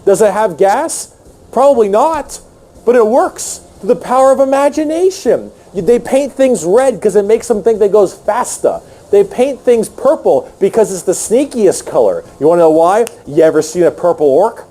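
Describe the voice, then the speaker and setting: A man giving a casual, joking explainer that swears and races off on excited tangents. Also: sits high, normal speed, hardly any pauses. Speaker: explainer narrator.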